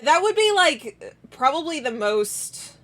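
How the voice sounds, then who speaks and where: An American woman streamer chatting casually with her viewers, rambling and halting and breaking into frequent laughs, still recovering from a week-long illness. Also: high voice, big pitch swings, a bit bright. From United States. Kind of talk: casual chat with chat.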